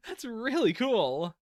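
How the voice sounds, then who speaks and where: A man with a very high-pitched, darkish voice reacts live to manga chapters in a casual, rambling way, peppering his talk with "like" and little laughs. The studio-quality sound from his laptop setup has no room echo.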